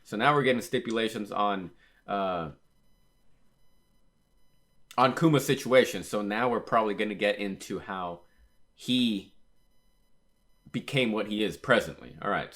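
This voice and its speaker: A man's voice: fairly low pitch, a bit bright. A man hosting a manga reaction video. He chats casually, retells scenes with lots of "he was all like", and often stops to correct himself. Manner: frequent fillers and self-corrections. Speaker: manga reaction channel host. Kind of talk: casual reaction and read-aloud commentary.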